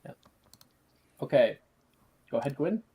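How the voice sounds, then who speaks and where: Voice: medium pitch, big pitch swings, unhurried, dark tone. An easygoing game master narrating a tabletop game, laughing often with the players.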